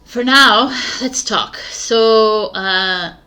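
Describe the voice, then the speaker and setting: In a medium-pitched, sharp-toned voice, a woman talks tarot extremely slowly and casually with her viewers. She's giggly and scattered, laughing at herself whenever she loses her thread.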